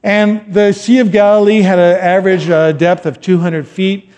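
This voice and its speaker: A middle-aged male pastor preaches with a raised, mellow voice. His talk is loose and chatty, full of asides, and now and then he rises to loud emphatic lines. The sound rings with a long hall reverb. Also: high voice, little pitch movement, moderate pace. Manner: conversational, rambling asides, rising to loud emphatic quotes. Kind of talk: sermon.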